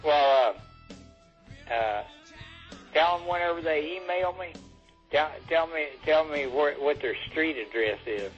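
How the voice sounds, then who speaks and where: A man's voice: fairly high pitch, animated, faint music behind. Dry joking man over a dull phone line. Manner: dry, joking, drawling with pauses. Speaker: phone guest. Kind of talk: casual chat.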